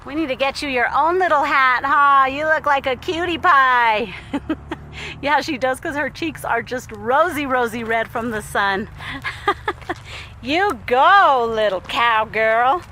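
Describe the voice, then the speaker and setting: Young mom vlogger filming a walk, higher-pitched voice, laughing, a little winded, faint outdoor noise behind. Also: female voice, unhurried, sharp tone, rough recording. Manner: chatty, laughing often, cooing at her toddler. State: out of breath from walking. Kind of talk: casual family vlog narration. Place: outdoor nature trail.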